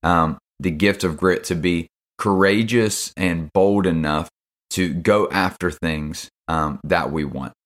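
A man's voice: low-pitched, takes it slowly, a bit bright. A young man hosting a casual devotional podcast, laid-back and slangy, with lots of fillers. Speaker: podcast host.

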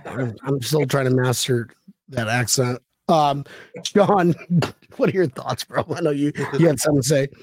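A man co-hosting a casual fan podcast, rambling and excitable as he tells stories and slips into joking accents. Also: mid-range voice, normal speed, breathy edge, dry recording. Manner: excitable, rambling storyteller, does jokey accents. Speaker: podcast co-host. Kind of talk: casual banter.

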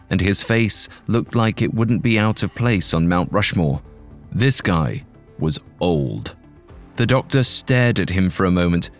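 A man reads a scripted audio drama with measured, dramatic storytelling. His voice is fairly low, and faint music plays behind him. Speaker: narrator.

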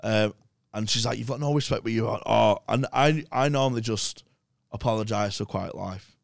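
A young Englishman appearing as a podcast guest tells rambling, animated stories peppered with swearing in casual chat. His voice is lowish with vocal fry at normal speed, recorded in a clean studio with no room sound.

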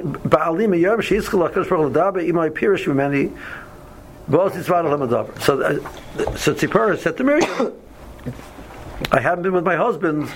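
A man's voice: fairly high pitch, slight background noise, low-quality recording. A man leading a casual Torah study class, often stumbling over and repeating words, reading Hebrew verses aloud and then explaining them.

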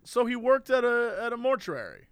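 High-pitched male co-host, quizzical and teasing, lively delivery. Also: smooth, dry recording. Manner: quizzical, teasing, quick to laugh. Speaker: podcast co-host. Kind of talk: casual chat.

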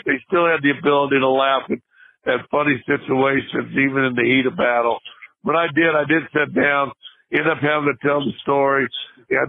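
A man's voice: mid-range voice, dry recording. An older man, a guest on a podcast, telling a funny story in casual chat, with lots of restarts and laughter. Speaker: podcast guest, former basketball player. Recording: tinny phone-line sound.

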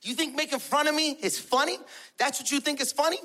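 A man playing his shrill immigrant mother, scolding and shouting at her husband. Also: quick pace. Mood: sarcastic, furious.

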